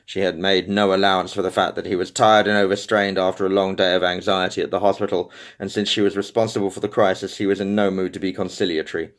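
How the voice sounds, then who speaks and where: A man giving an unedited audiobook reading of a romance novel, steady, with small slips and restarts. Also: low-pitched, fast talker, hardly any pauses. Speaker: audiobook reader.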